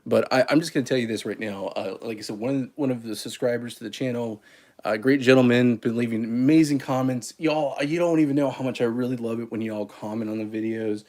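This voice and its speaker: Guy rambling thru a home espresso livestream, laughs at himself a lot, middle-pitched voice. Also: brisk, a little mellow. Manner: self-deprecating, chatty, laughs at himself. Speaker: coffee channel host. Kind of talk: casual livestream chat while making espresso.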